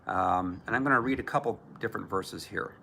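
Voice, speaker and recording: A man's voice: fairly low pitch, fairly quick, vocal fry, noisy background. A man preaching as a Christian minister, emphatic and often mocking others in put-on voices. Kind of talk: preaching to camera.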